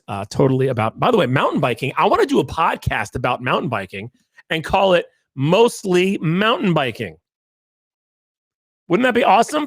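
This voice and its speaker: A man's voice: mid-range voice, fairly bright tone, dry recording, clean studio sound. A man hosting his own podcast, telling a story in a rambling, jokey, self-deprecating way. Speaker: podcast host. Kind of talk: casual solo podcast storytelling.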